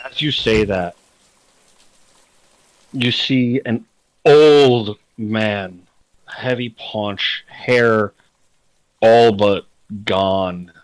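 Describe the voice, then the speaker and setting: A man acting as game master, narrating a tabletop game in slow, deliberate descriptions over a voice call. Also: on the low side, no room sound, rough recording.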